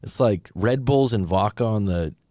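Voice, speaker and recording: A man, a relationship coach, giving casual commentary on clips, animated and chatty with quoted asides. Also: fairly low pitch, moderate pace, no echo, studio quality.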